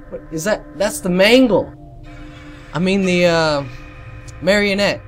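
A man commentating a horror game while losing his voice, joking with the characters and yelping loudly at scares. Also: high voice, unhurried, pauses often, faint music behind. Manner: jokey banter with game characters, yelps and shouts at jump scares. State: losing his voice, a bit sick. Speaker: gameplay commentator.

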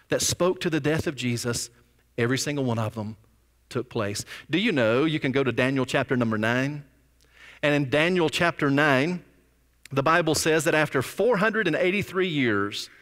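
A man's voice: fairly high pitch, fairly bright tone. A man preaching a sermon as pastor, with dramatic rises and drops in volume. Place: church sanctuary. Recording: long reverb of a church sanctuary.

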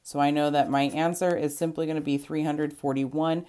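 A woman with a strikingly low voice teaches a recorded math lesson. She explains patiently and step by step, counting aloud as she goes. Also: steady tone, normal speed, dark tone, smooth.

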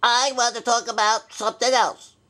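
A man's voice: little pitch movement, normal speed, pushed and bright. A man doing a forgetful old bear rabbi. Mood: stubborn. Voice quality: high-pitched, bumbling and cranky. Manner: forgetful, stubborn, easily flustered. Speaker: show host. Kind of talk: puppet comedy skit.

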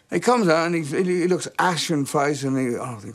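A man's voice: fairly high pitch, fairly quick, few pauses. A man interviewed for a documentary, telling a blunt, profane anecdote. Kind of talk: casual anecdote.

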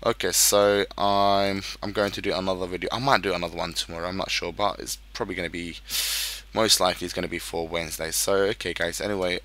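Male gaming YouTuber, low and forceful voice, casual and profane commentary. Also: a little hiss or hum. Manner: swears a lot, frustrated outbursts.

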